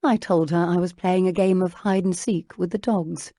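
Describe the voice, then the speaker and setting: A woman narrating an audiobook, voicing an earnest bookish young woman who speaks intently, a little hurried. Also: on the low side, fairly even intonation, mellow, dry recording, clean studio sound, natural voice. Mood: amused.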